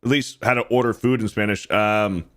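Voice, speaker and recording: A man's voice: on the low side, fairly even intonation, moderate pace, fairly bright tone. A man hosting a podcast in casual chat, talking bluntly and crudely with plenty of swearing. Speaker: podcast host.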